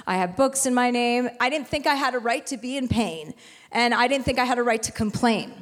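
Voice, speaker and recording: A woman's voice: a little high, expressive, fairly quick, big-room sound. A woman in her forties hosting a live podcast, telling a personal story in a frank, profane, rambling way. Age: 40s. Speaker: podcast host. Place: live stage in a venue.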